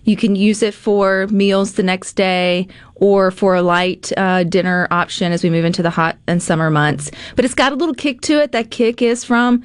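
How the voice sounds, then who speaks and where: A woman's voice: medium pitch, normal speed, smooth, no echo. Chatty woman hosting a cooking segment. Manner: chatty, animated, with filler words. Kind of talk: casual cooking demo chat.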